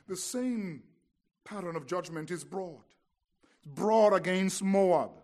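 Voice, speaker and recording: A man with a notably high voice delivers an expository sermon. He tells it as a story, dropping to hushed lines and then pressing hard on key words. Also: expressive, slow pace. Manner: dramatic storytelling, swings from hushed to emphatic. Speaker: preacher.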